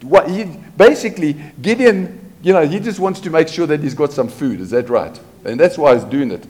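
Man, pastor preaching a sermon, lively with rhetorical questions, slightly high voice. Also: moderate pace.

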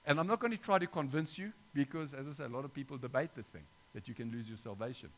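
A man's voice: mid-range voice, quick pace, fairly bright tone. A middle-aged man preaching an informal sermon, talking conversationally with frequent restarts and asides to his listeners.

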